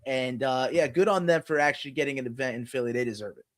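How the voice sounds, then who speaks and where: A man's voice: mid-range voice, fast talker. A man co-hosting a podcast, chatting casually about fight betting with lots of "you know" fillers. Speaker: podcast co-host. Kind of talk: casual sports betting chat.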